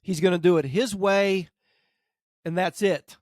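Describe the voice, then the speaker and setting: Man telling a story, higher voice. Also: unhurried, dry recording, studio quality. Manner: animated anecdote, acts out quotes. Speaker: dog trainer, podcast host. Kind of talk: casual podcast storytelling.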